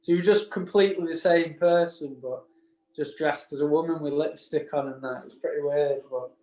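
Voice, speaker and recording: A man's voice: fairly high pitch, steady tone, a little fast, warm tone. A man co-hosting a casual podcast chat, rambling through stories with frequent laughs and restarts. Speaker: podcast co-host. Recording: echoey room.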